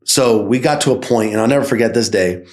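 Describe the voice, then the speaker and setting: A man, a podcast guest and sales company founder, telling his story in a casual, energetic way and often checking in with "right?". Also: fairly low pitch, fast.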